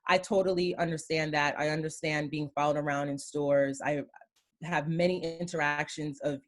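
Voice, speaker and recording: A woman from Queens in her thirties recounts her experiences as a guest, speaking in a notably low register. She tells her stories by acting out the exchanges in a casual conversational way. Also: steady tone, moderate pace. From Queens, New York. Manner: storytelling, acting out quoted exchanges.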